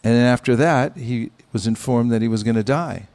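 A man giving a devotional sermon, speaking in a measured, pausing way with gentle humor. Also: mid-range voice. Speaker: spiritual teacher. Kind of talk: sermon with anecdotes.

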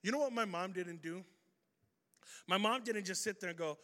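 A man preaching an energetic sermon, telling a story and swinging between loud bursts and hushed lines. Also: high-pitched, normal speed. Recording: reverberant hall.

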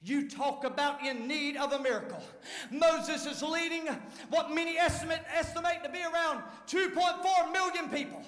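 High-voiced pastor preaching in a hall. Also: male voice, normal speed. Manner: dramatic preaching, swinging from shouts to hushed tones. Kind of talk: sermon. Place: large church sanctuary. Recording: echoey hall with long reverb.

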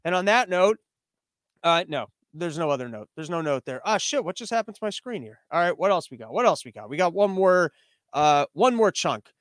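Guy with a high voice ranting sarcastically on his home podcast, dry close sound, lots of restarts. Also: sing-song, brisk, a bit bright, no echo. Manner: rambling, sarcastic, riffing with restarts. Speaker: podcast host. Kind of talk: casual comedic commentary. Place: home living room studio.

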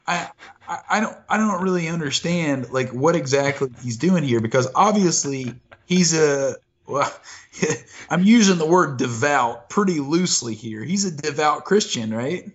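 Halting, thoughtful man. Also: on the high side, animated, breathy edge, highs cut off. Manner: thoughtful, halting, with many restarts. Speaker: podcast co-host. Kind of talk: casual chat.

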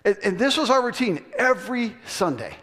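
A male pastor telling a story in a sermon, acting out voices with laughter and animated delivery. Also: high-pitched, brisk, soft background music. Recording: long hall reverb.

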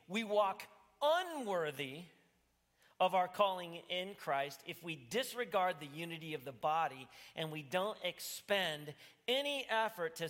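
A man's voice: a little high, a bit bright. A man preaching a sermon as pastor, earnest and pleading, rising to emphatic bursts. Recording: reverberant church hall.

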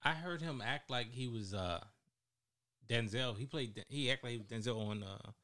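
A man's voice: medium pitch, moderate pace, pushed and bright. A man co-hosting a casual podcast, making short, blunt and teasing remarks. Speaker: podcast co-host.

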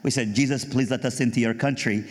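Animated man telling a testimony in a hall. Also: quick pace. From Iran. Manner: animated, jokey, mimics voices, rises high for punchlines. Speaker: speaker giving a testimony. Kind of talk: storytelling testimony with humor. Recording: long hall reverb.

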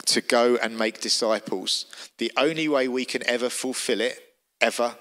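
A man's voice: medium pitch, moderate pace, bright, forceful tone. A man preaching a sermon, telling the story vividly and with emphasis.

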